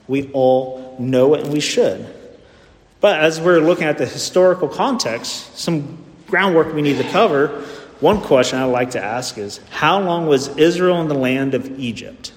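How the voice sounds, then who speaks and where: A man preaching a sermon in a church, often putting rhetorical questions to his listeners. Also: fairly high pitch. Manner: asks the congregation rhetorical questions. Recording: echoey hall with long reverb.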